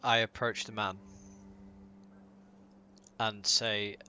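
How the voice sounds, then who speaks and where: Bright-voiced man at the table. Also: lowish voice, flat delivery, extremely slow, lo-fi sound, a little hiss or hum. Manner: stern, earnest in character. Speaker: player. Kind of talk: playing a tabletop game.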